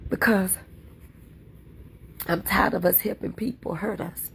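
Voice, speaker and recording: Fervent gravelly woman preaching on livestream. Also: medium pitch, fairly even intonation, measured pace, a bit bright, slight background noise. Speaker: livestream content creator. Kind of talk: impassioned livestream talk.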